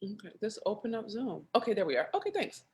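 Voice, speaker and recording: A woman's voice: mid-range voice, wildly swooping pitch, fast, darkish tone. A woman hosting a live video conversation, joking and emotional, her voice catching with feeling. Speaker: host.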